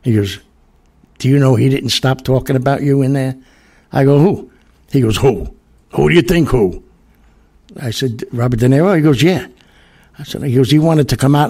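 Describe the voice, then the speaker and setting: Gravelly, husky man rambling through a story. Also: medium pitch, moderate pace, long pauses, dark tone. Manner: rambling, many fillers and restarts, quotes others. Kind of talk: casual anecdote telling.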